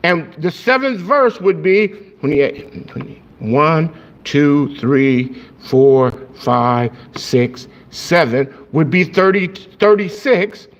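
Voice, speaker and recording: High-voiced emphatic preacher man. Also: takes it slowly, muffled recording. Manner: excitable, emphatic, pitch swings up when stressing points. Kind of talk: sermon. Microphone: handheld microphone.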